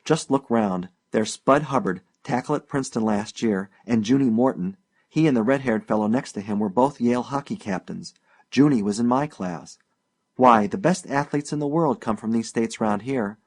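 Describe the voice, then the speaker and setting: An eager, boastful young man pushes his words out loudly and emphatically, as a male narrator reads him. He sounds keen to impress in this storybook scene. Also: medium pitch, moderate pace, close to an everyday voice.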